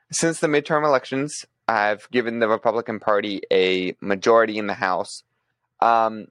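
Low-voiced man, casual podcast co-host. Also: fairly bright tone, no echo. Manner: thinks aloud, frequent restarts and fillers. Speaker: podcast co-host presenting news.

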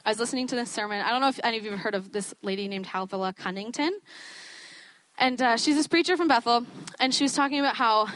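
A woman's voice: on the high side, a bit bright. A young woman giving a sermon in a chatty, self-deprecating way, often breaking into laughter. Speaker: student preacher.

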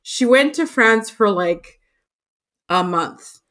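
A woman hosting a podcast, talking in a chatty, expressive way with frequent fillers. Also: a little high, slow. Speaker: podcast host. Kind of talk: casual conversation.

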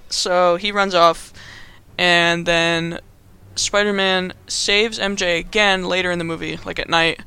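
Bright, high-voiced young man rambling. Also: steady tone, slow, creaky, clean tone. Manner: rambling, filler-heavy, amused. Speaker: host. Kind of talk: casual comedic movie recap.

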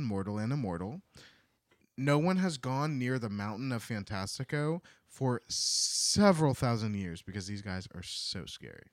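A man co-hosting a podcast, retelling a book chapter in casual, lively chat. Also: medium pitch, normal speed, dry recording, clean studio sound. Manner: lively storytelling, laughs often. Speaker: podcast co-host.

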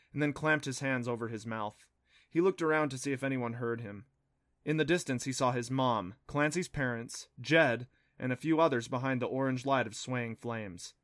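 A man reads a children's adventure story aloud with a steady, expressive delivery. His voice is bright and forward, at a middle pitch, recorded close and dry. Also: no room sound. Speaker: audiobook narrator. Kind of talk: storybook narration.

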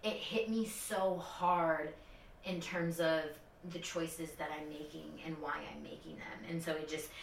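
A young woman telling a personal story in casual podcast chat, animated and full of fillers. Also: measured pace, creaky, recorded from a distance, slight background noise. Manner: animated, many fillers, high-pitched quoted voices. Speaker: podcast co-host. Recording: echoey room, off-mic.

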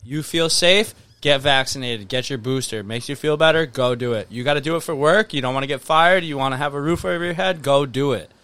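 A man's voice: mid-range voice, a little fast, hardly any pauses, a bit bright, clean tone, no echo. A man ranting emphatically and swearing in a casual chat with friends.

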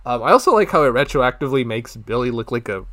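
A man's voice: mid-range voice, fast. A young man co-hosting a podcast, chatting casually about a movie and acting out lines from it with laughs. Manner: animated, acts out quotes with laughs. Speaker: podcast co-host. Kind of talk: casual movie review chat.

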